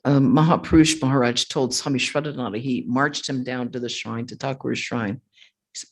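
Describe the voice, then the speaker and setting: A woman, a monastic speaker, telling stories to a retreat audience and answering questions, animated, acting out the voices of others and laughing often. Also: extremely low pitch, fairly quick. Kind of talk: storytelling talk with audience questions.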